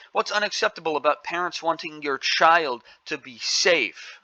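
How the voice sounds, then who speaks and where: A man's voice: on the high side, expressive, moderate pace, hardly any pauses, sharp tone, no room sound, lo-fi sound. A man hosting an angry opinion commentary, scolding and indignant, repeating his points. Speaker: commentary channel host.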